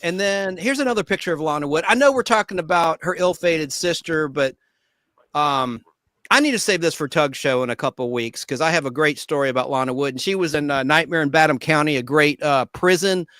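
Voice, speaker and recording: Bright, high-voiced rambling man. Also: a little fast, no room sound, clean studio sound. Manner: rambling, film-buff enthusiasm. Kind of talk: casual chat.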